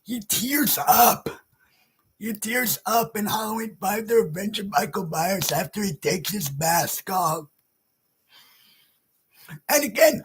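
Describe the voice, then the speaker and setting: A man with a strikingly high, very husky voice rants through a horror movie review. He talks slowly and heavily, shouting and cursing as he complains. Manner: loud, profane, often shouting. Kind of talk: ranting video review.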